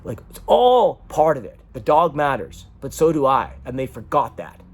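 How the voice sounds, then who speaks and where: A man's voice: mid-range voice, sing-song, normal speed. A man venting raw emotion in a rambling personal vlog monologue. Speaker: vlogger.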